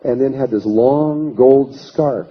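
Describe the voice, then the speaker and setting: A man's voice: mid-range voice, slow pace, breathy edge. A man giving a workshop talk, telling a long story and acting out what people said. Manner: anecdotal, acts out quoted voices, many restarts. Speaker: workshop speaker. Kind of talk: storytelling lecture. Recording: dull lo-fi recording.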